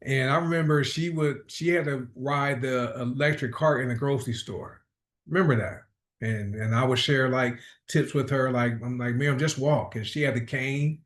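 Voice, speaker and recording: A man's voice: medium pitch, normal speed, fairly bright tone. A man hosting a group video call, talking in a rambling, upbeat way and often repeating his words. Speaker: host of a product call. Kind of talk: casual group call chat.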